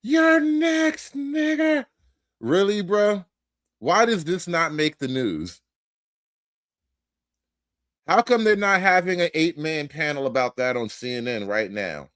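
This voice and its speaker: A man's voice: a little high, very animated, measured pace, long pauses, a bit bright, no room sound, studio quality. A man giving livestream commentary in a sarcastic, incredulous and rambling way. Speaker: streamer and commentator.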